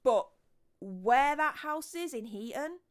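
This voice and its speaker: A woman's voice: sits high, animated, slow. A woman, hosting a true crime video in casual, emphatic explainer chat full of ums and restarts. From Yorkshire, England.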